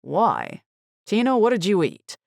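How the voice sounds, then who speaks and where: A woman reading a bewildered husband's lines in a low, confused, then quietly despairing voice. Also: huge pitch swings, unhurried, creaky, no echo, clean studio sound, exaggerated voice. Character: bewildered middle-aged husband, turning grim.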